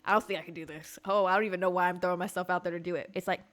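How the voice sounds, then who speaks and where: A woman hosting a podcast, telling a story in a casual, animated, profane way. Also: on the low side, very fast. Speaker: podcast host.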